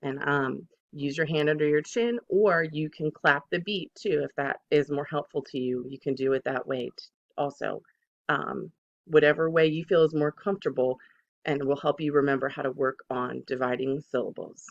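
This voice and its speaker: A second grade teacher giving a recorded phonics lesson to children, patient and deliberate, saying each word twice to model it. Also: medium pitch, fairly even intonation, lo-fi sound.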